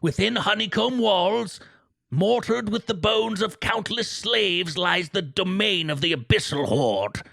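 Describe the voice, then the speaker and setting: A man putting on an old man's voice to read dark fantasy lore slowly and theatrically, straining his voice. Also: high-pitched, animated, creaky, dry recording, pitched above the performer's own voice, exaggerated voice. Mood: solemn. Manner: strained, slow, theatrical delivery. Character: ancient rambling old man reading demon lore.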